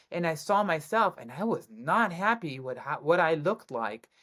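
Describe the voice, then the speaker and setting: Woman, guest actress, excited storyteller, casual interview chat. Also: low-pitched. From Germany.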